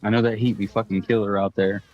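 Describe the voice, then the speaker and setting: Brief: laid-back co-host, lowish voice, dry dull lo-fi sound. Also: male voice, level tone, quick pace, a little mellow. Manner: laid-back, joking, swears casually. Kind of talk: casual chat.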